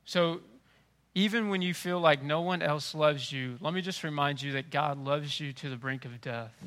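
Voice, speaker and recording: A middle-aged male pastor preaching a sermon with impassioned delivery, dropping to a hush and rising to loud emphasis. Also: fairly high pitch, moderate pace.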